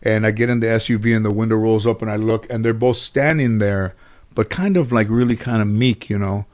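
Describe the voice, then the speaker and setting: Speaking briskly with fairly even intonation, a middle-aged man with a lowish, darkish voice rambles through casual stories as an interview guest. His talk is full of "you know."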